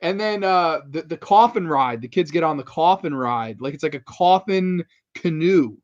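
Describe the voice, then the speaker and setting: Animated guy hosting a horror chat. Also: a little high, normal speed. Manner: animated, swears, does goofy impressions. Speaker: podcast host. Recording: dull lo-fi audio.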